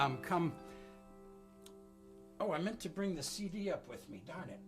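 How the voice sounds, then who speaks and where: Male folk musician, gravelly voice, rambling and self-deprecating, guitar behind. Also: on the high side, very animated, normal speed, pauses often. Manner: rambling, self-deprecating storytelling with many ums. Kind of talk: casual song introduction on live stream. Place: home studio. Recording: live music stream with guitar.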